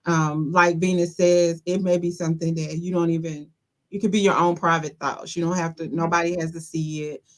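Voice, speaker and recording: A woman's voice: lowish voice, level tone, a little fast. A woman host in casual conversation, loose and chatty, laughing often. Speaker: podcast host. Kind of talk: casual chat.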